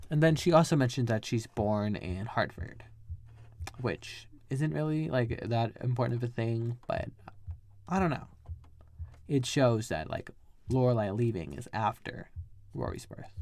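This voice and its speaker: A chatty man rambles through a casual show recap and keeps sidetracking himself. His voice sits at an ordinary middle pitch. The sound is close and dry, with no room around it. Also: vocal fry, a little mellow, no room sound. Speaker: podcast host.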